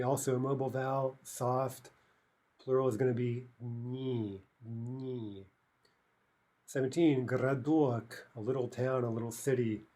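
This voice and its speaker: A man's voice: medium pitch, darkish tone. A man teaching a recorded language lesson, explaining step by step and checking in with "right?" and "okay" as he goes.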